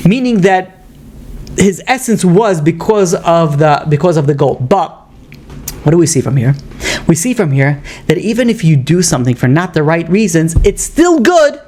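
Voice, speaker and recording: A man's voice: on the high side, a little mellow. A man, a rabbi, giving an informal lesson on the Mishnah, speaking conversationally and retelling stories with acted dialogue, often restarting his sentences. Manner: loose phrasing with frequent restarts.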